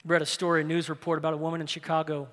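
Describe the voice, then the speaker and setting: High bright-voiced male preacher in a hall. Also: monotone, very fast. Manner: impassioned preaching, swinging from loud to hushed. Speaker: pastor. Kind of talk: sermon. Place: large church sanctuary. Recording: long reverb of a large hall.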